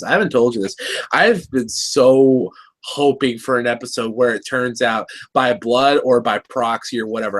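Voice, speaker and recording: A man co-hosting a cartoon review show, talking in an animated, rambling way with many restarts. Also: mid-range voice. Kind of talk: casual review chat.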